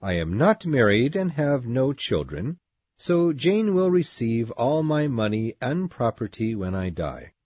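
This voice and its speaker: A formal, kindly uncle writing from afar, as a man reads his letter, his husky voice slow but swinging widely in pitch. The sound is dull, dry and lo-fi. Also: big pitch swings, darkish tone, no echo.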